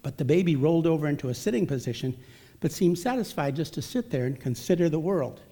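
Male speaker, slightly high, mellow voice; folksy, self-mocking storyteller at a church talk. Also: animated, fast talker. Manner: folksy, self-deprecating, chatty. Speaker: speaker at a church family event. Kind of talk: humorous anecdotal storytelling with scripture.

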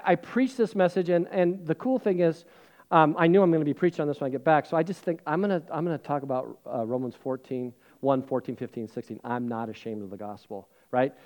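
A middle-aged male pastor preaching a sermon, telling a personal story in a chatty, self-deprecating way with plenty of fillers, and dropping to a hushed voice for serious moments. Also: medium pitch.

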